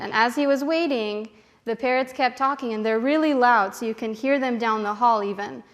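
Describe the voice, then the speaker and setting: Higher-voiced woman telling a children's story. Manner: animated, asks the children questions.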